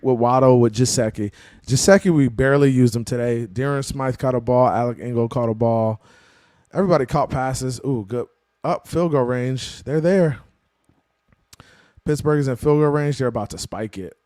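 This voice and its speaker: Excitable man hosting a sports live stream. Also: mid-range voice, dry recording, clean studio sound. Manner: slangy, animated, calls viewers "bro" and "man". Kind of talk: casual post-game sports talk, reading viewer chat.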